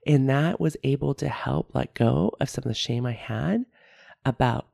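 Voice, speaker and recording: Woman host, solo podcast, candid and self-mocking, low mellow tone, dry close sound. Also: moderate pace, vocal fry, no echo. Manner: candid, laughs at herself, repeats key phrases. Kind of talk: reflective solo podcast talk.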